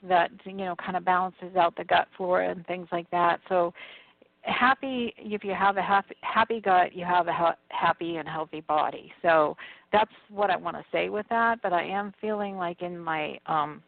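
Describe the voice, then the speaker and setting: A woman's voice: fairly low pitch, moderate pace, creaky, no echo. Hedging woman psychic over the phone. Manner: hedging, gently advising, many fillers. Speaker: psychic medium guest. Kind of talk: casual call-in reading. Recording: tinny dry phone line.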